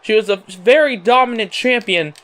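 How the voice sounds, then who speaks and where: Brief: male gaming host, excitable announcer-style wrestling play-by-play, high clear voice. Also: normal speed. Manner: excitable announcer patter, repeating "however" and filler words. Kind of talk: play-by-play wrestling commentary over a video game.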